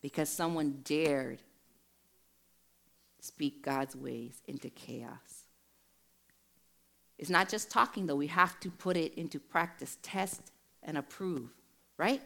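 A woman's voice: deep voice, creaky, fairly bright tone. A middle-aged woman preaching a sermon, telling a personal testimony in an earnest, emphatic storytelling way.

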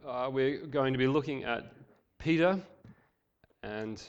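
A man's voice: medium pitch, slow pace, clean tone, lo-fi sound. A male pastor preaching a sermon, reading scripture with voiced quotes and joking asides.

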